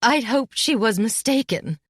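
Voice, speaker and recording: A woman's voice: on the high side, animated, unhurried, dry recording, voice pushed up. A stern middle-aged headmistress, voiced by a woman narrator, clipped and exasperated, her voice lifted above the narration. The recording is dry and close.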